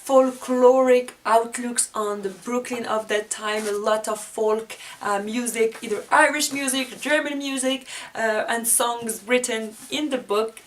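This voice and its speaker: Chatty, laughing woman book vlogger. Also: a little high. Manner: chatty and enthusiastic, laughs often. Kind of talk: casual book review vlog.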